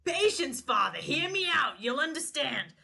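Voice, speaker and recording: A woman's voice: sits high, sing-song, moderate pace, gravelly, pushed and bright, exaggerated voice. A woman voicing an older woman confessing to a priest, in a dramatic, earnest way.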